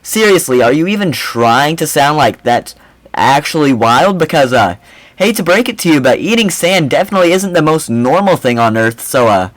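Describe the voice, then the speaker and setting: A young man hosting a reaction video, mocking the clip in a rambling, animated way. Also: fairly high pitch, no echo, low-quality recording. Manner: mocking, animated, rambling with repeated "I mean, seriously". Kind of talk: casual reaction commentary.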